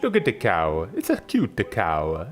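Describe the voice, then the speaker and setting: A man putting on an exaggerated Italian accent to play an excitable pizza chef narrating a recipe. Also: deep voice, unhurried, soft background music, heavily acted. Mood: delighted. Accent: put-on Italian. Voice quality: exaggerated sing-song accent.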